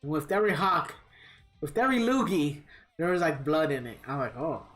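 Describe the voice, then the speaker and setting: A man's voice: fairly high pitch, very animated, a little fast, fairly bright tone, faint music behind. A man live-streaming a fighting game, chatting casually with viewers in a rambling, profane storytelling manner.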